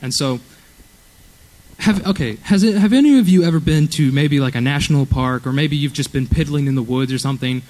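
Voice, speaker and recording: An earnest young man delivers a youth sermon in a church. His voice sits a little high for a man, and he talks in a casual, conversational way, checking in with his listeners as he goes. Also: fairly quick, darkish tone, low-quality recording. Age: young adult. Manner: earnest, conversational, frequent "okay?" check-ins. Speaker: youth preacher.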